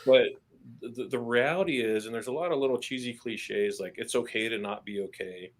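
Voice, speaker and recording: An army veteran appears as a guest on a podcast, speaking candidly in a mid-range voice. He's plain-spoken and earnest, swears casually, and stumbles into restarts when driving a point home.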